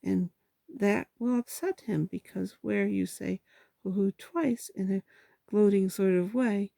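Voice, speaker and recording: A woman voicing a gentle, simple-minded bear in a storybook reading, slow and earnest as he thinks things out. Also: medium pitch, gravelly, dry recording, studio quality. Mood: thoughtful. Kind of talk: storybook read-aloud.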